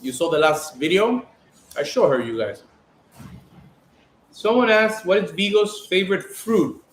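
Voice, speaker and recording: A man chats casually on a live stream, reading out viewer comments as he goes. His voice sits a little high and swings up and down a lot. The room is echoey, with a faint hiss of noise behind him. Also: big pitch swings, unhurried. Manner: reads viewer comments aloud, chatty. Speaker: vlogger hosting a live stream.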